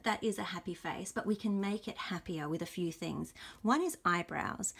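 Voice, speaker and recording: A young adult woman illustrator, gently and encouragingly talking through a drawing lesson for teachers as she sketches. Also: on the low side, creaky. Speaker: illustrator leading a workshop.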